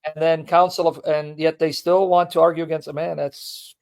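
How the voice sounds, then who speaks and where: A man's voice: on the high side, little pitch movement, moderate pace, creaky, a little mellow. A man hosting a casual online religious discussion, reading long quotes aloud and pressing his guests with emphatic questions. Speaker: host of a religious debate stream.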